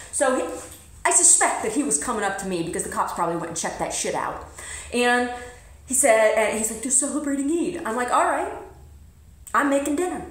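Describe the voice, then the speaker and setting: A woman's voice: a little high, a bit bright. A woman vlogger telling a personal story in a blunt, emphatic way, swearing freely. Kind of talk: casual storytelling to camera. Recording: roomy echo.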